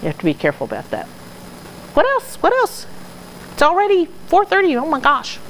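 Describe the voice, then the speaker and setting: A woman's voice: very high-pitched, wildly swooping pitch, brisk, slight background noise, rough recording. A woman answering audience questions in casual talk, earnest and explanatory, now and then laughing at herself. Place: dog training club hall.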